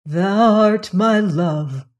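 A woman voicing a young prince, quiet and devoted, speaking solemnly in old-fashioned words. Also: mid-range voice, very slow.

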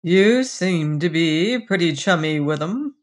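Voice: medium pitch, expressive, slow. A reader doing a sly, burly uncle.

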